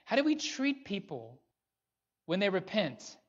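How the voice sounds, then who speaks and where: A man's voice: high voice, wildly swooping pitch, a little slow. A man preaching a sermon as pastor, earnest and pressing his listeners with rhetorical questions. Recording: dull lo-fi recording.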